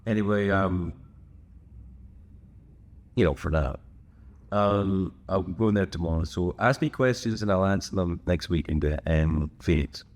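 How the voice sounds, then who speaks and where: A podcast host with a low, gravelly, darkish voice chats on his own at a moderate pace. His casual solo talk rambles, full of wry asides and digressions.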